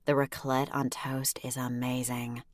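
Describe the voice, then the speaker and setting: A woman's voice: rumbling low, level tone, unhurried, dry recording, clean studio sound. A woman voicing a friendly, easygoing woman friend in an audiobook. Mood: cheerful.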